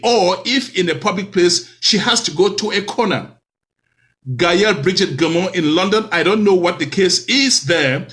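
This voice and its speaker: Lively man hosting a talk show. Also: high voice. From Cameroon. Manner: lively, preacherly, rhetorical questions.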